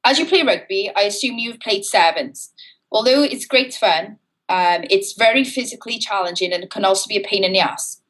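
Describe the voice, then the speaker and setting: A woman's voice: mid-range voice, brisk, a bit bright, close to an everyday voice. A woman reading a male listener's letter in a subdued put-on Welsh accent, in a polite read-aloud manner. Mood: reading politely.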